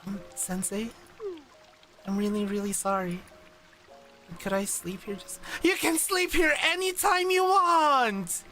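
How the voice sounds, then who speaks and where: A man voicing a quiet, timid schoolgirl who hesitantly apologizes and asks for shelter. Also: very high voice, monotone, a little slow, pauses often, recorded from a distance, faint music behind. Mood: apologetic.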